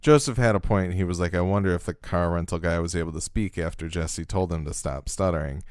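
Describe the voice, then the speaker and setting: Low smooth-voiced podcast guy, chatty, a bit halting, says uh a lot. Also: no echo. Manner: thoughtful, hesitant, with frequent fillers and restarts. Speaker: podcast co-host. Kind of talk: casual chat.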